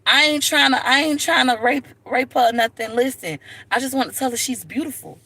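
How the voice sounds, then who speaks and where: A woman quoting a young man who pleads insistently and tries to calm her down. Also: high-pitched, fairly quick, husky, pitched above the performer's own voice, heavily acted. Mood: pleading.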